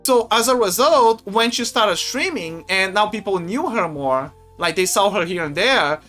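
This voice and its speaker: A man streaming, chatting casually in a rambling, animated way with frequent restarts and laughs. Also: sits high, normal speed. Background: faint music.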